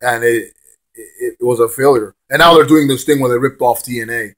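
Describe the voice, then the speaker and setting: A hoarse young man rants bluntly as a wrestling fan vlogger, stammering and repeating words, with some swearing. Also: medium pitch, a little fast, fairly bright tone. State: hoarse, lost his voice. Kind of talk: casual ranting monologue.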